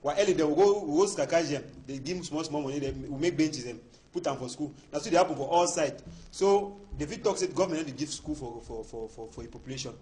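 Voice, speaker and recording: A man from Cameroon argues as a panelist in a heated studio debate, speaking Cameroonian Pidgin English. His voice is on the high side, quick and dark in tone, and he hammers his points home by repeating words emphatically.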